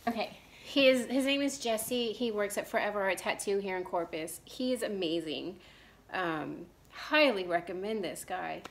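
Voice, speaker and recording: A woman in her thirties from Texas, rambling in a casual chat with lots of fillers and restarts, clearing her throat now and then from allergies. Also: mid-range voice, expressive, unhurried, a little hiss or hum. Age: 30s. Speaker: cross-stitch vlogger.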